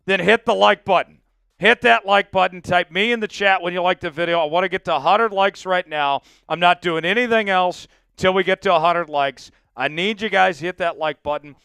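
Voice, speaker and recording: A man's voice: high-pitched, normal speed, gravelly, pushed and bright, smooth, dry recording, studio quality. A man hosting a live sports stream, hyped and pleading with viewers, with bursts of mock outrage. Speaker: livestream sports show host. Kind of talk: casual live-stream chat.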